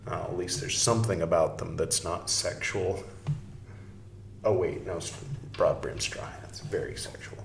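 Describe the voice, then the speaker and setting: A man's voice: sits low, moderate pace, vocal fry. A man hosting a podcast, reading a text aloud with wry, irreverent asides and some swearing. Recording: roomy echo, faint music.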